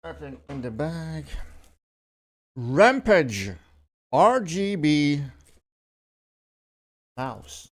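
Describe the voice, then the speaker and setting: This older man's voice is fairly high and very animated, with drawn-out words and long pauses, as he chats through an unboxing. His casual commentary rambles, thick with fillers and self-corrections.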